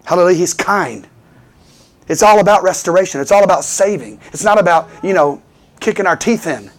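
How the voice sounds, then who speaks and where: A fervent male preacher with a fairly high voice, delivering a call-and-response sermon. He keeps pulling the congregation in with repeated calls for "Amen.". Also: animated, fairly quick.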